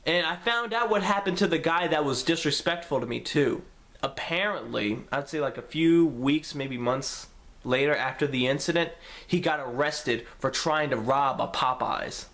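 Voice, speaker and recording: A young man vlogging a story to camera in a casual, profane, animated way, acting out what each person said. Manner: animated, profane, acts out quotes with pitch jumps.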